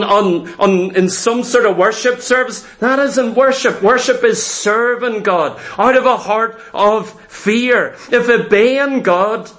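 A man's voice: extremely high pitch, a bit bright. A man preaching a sermon, emphatic and repetitive, acting out little scenes as he goes.

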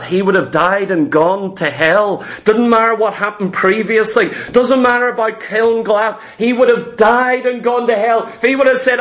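A man preaching a sermon, retelling a Bible story slowly and dramatically and acting out the speakers' words. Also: very high-pitched, fairly bright tone. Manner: acts out biblical figures' speech.

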